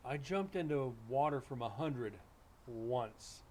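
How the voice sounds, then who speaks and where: A man's voice: medium pitch, expressive, slow, darkish tone, a little hiss or hum. Plain-voiced man joking on a stream. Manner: loose, joking, blunt and crude. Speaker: livestream host. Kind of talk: casual storytelling chat. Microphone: streaming setup mic.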